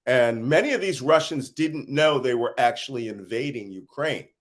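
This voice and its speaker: A worn-out middle-aged American man gives interview answers on a conflict. He tells his points as lively stories, chuckling here and there. His voice sits at an ordinary middle pitch. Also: moderate pace. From United States. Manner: animated storytelling with laughs. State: tired. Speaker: interview guest, intelligence analyst.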